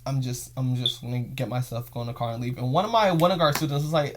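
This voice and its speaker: Talking quickly with few pauses over a noisy background, a medium-pitched young man hosts his own podcast. His casual storytelling vlog is an emotional, rambling tale where he keeps repeating phrases.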